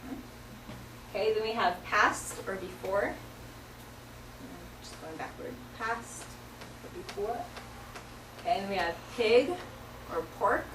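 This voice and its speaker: A woman teaches a classroom vocabulary lesson, walking through each sign patiently with frequent fillers. Her voice sits at an ordinary middle pitch. It is picked up from a distance in a roomy, echoey classroom, with faint noise behind her. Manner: patient, explains step by step with many fillers.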